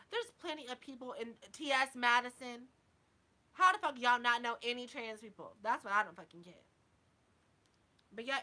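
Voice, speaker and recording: A woman's voice: fairly high pitch, sharp tone. A woman vlogger talking casually to her viewers, sassy and blunt with heavy swearing, a little drunk. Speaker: YouTube vlogger. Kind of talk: casual live chat to viewers.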